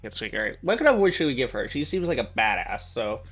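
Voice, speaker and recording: A man's voice: mid-range voice, sing-song, brisk, fairly bright tone, breathy edge, lo-fi sound. A man hosting a gaming channel, giving playful, joking let's play commentary to his viewers.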